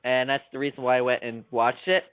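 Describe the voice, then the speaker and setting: A man's voice: mid-range voice, flat delivery, brisk, clear, resonant tone, no echo. A man trading sarcastic, mocking jabs in a casual movie discussion. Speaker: podcast panelist. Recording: dry, tinny phone-like sound.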